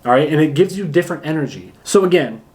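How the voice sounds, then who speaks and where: Man, acting coach, energetic, emphatic, casual to-camera lesson, rather high voice. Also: quick pace. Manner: energetic, emphatic, demonstrates with his body. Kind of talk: casual instructional talk to camera.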